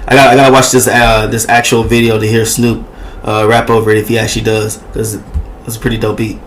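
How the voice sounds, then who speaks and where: A man's voice: lowish voice, flat delivery, fast talker, a bit bright, slight background noise. A man hosting a reaction video, talking loosely and profanely with many hesitations. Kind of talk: casual reaction commentary.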